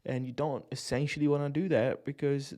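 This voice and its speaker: A man's voice: mid-range voice, little pitch movement, fairly quick, warm tone. A man giving casual live commentary on a day-trading stream, swearing, using slang and laughing often as he talks through charts.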